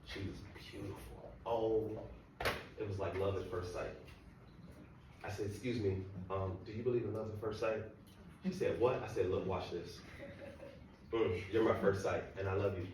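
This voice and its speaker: A man's voice: fairly low pitch, fairly even intonation, moderate pace, pauses often, background noise. A man telling a funny, self-mocking story to an audience and talking to the crowd directly. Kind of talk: humorous storytelling talk. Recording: echoey hall from far off.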